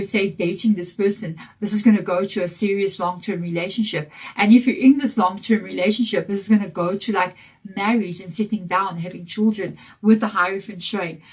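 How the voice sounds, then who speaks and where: A woman giving a casual tarot reading to camera, croaky from a chesty cold, reassuring and direct. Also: mid-range voice. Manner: reassuring and direct, checking in with "okay?". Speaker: tarot reader.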